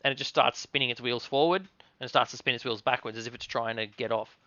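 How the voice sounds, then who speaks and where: Bright-voiced game master. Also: male voice, medium pitch, no echo, muffled recording. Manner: relaxed, halting narration with many fillers. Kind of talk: narrating a tabletop game.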